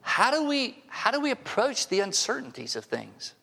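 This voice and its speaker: Man in his 60s preaching, highish voice, chatty with dry jokes, big church echo. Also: huge pitch swings, normal speed, gravelly, pushed and bright. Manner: conversational preaching with wry asides. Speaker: pastor. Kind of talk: sermon. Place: church sanctuary. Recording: long hall reverb.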